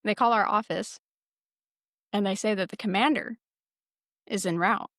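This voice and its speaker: A woman podcast host telling a casual story with lots of swearing, lively and laughing as she goes. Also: mid-range voice, moderate pace, no echo, studio quality. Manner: profane, lively, laughs while telling stories. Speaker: former military security forces sergeant.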